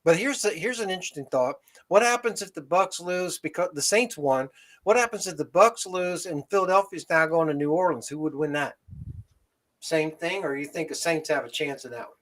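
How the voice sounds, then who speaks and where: A man hosting a casual sports talk show, giving measured opinions and thinking aloud. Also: a little high, fairly bright tone. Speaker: podcast host.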